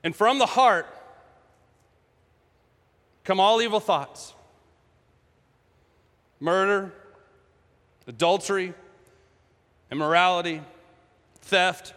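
A man's voice: high voice, slow pace, long pauses, fairly bright tone. A man voicing Jesus as a patient, teasing teacher in casual, jokey speech. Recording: echoey hall.

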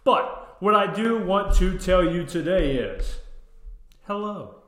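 A man's voice: sits high, expressive, slow, fairly bright tone. Hyper jokey man in an echoey church. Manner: hyper and jokey, hyped up on caffeine. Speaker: podcast co-host. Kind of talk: casual chat. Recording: very echoey room.

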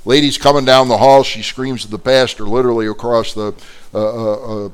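A man's voice: mid-range voice, fairly even intonation, brisk, clean tone. A man teaching an adult Bible class as a pastor, telling stories animatedly with many fillers and restarts.

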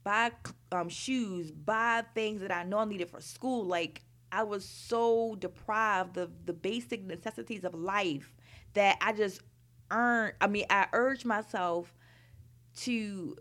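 A woman's voice: medium pitch, slow pace, fairly bright tone. Candid woman telling her story. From Baltimore, Maryland. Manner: frank, conversational, heavy use of "like" and "you know". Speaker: storyteller recounting her youth.

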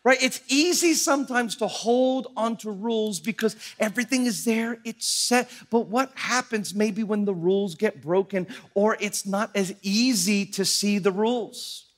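Lively high-voiced male pastor. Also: unhurried, few pauses. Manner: animated, acts out voices in anecdotes. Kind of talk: sermon with storytelling.

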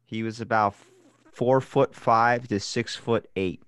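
A man playing a deadpan young murder suspect. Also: medium pitch, takes it slowly, smooth, no echo.

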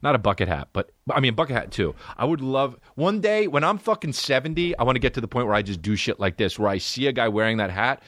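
A man's voice: medium pitch, sing-song, fast, few pauses, fairly bright tone, no echo. A man hosting a solo comedy podcast, ranting and riffing with profane, exaggerated stories. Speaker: podcast host.

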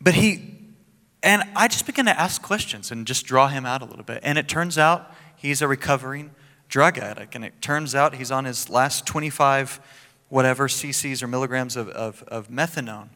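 A man preaching as pastor, telling a personal story in an animated, joking way with laughs and asides. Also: mid-range voice, normal speed, big-room sound. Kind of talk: sermon.

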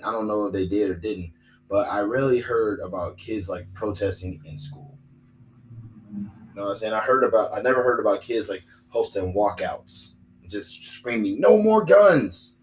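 A young man talks alone on his podcast, circling back and repeating himself, full of fillers and restarts. His voice sits fairly low. A faint hiss runs under the recording. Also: rough recording. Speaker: podcast host. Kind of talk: rambling solo podcast monologue.

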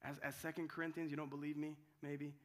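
A man preaching a sermon as pastor, dramatic, swinging from loud cries to hushed tones and often restarting his words. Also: a little high, level tone, fast talker. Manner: restarts and repeats words while telling the story.

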